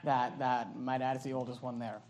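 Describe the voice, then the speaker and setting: A pastor preaching a sermon with impassioned delivery and many quick restarts of his phrases. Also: mid-range voice, little pitch movement, a little mellow.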